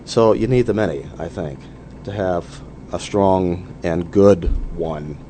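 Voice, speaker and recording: A man's voice: low voice, takes it slowly, mellow, slight background noise. A man speaking as a guest in a radio interview, telling anecdotes with lots of "you know" fillers.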